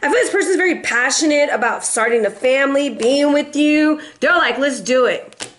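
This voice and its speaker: A middle-aged woman reads tarot in a loose, playful way and chats easily with her viewers. She slips into little sung lines and acts out other people's words with an animated delivery. Her voice sits fairly high for a woman. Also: fairly quick. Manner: playful and chatty, breaks into song snippets. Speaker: tarot reader and life coach. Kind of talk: casual tarot reading.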